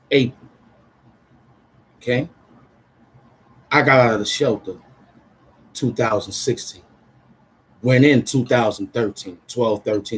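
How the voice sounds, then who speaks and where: An adult man from Brooklyn, chatting casually on a livestream in an excitable, rambling way full of street slang. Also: medium pitch, breathy edge, low-quality recording. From Brooklyn, New York. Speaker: vlogger.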